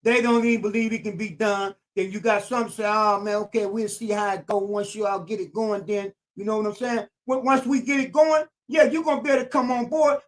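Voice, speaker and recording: Older man preaching in AAVE. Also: very high voice. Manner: preachy, repetitive, emphatic. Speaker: YouTube channel host. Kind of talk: streetwise commentary monologue.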